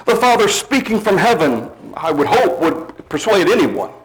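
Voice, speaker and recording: Guy preaching a sermon, kinda high voice, leans hard on key words. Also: big pitch swings, low-quality recording. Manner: emphatic, slows down on key words and drops low at phrase ends.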